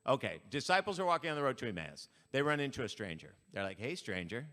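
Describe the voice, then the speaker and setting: A man fronting a band, bantering with a church concert audience in a playful deadpan way. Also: mid-range voice, fast. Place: church sanctuary. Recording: live in a church hall, reverberant, with instruments.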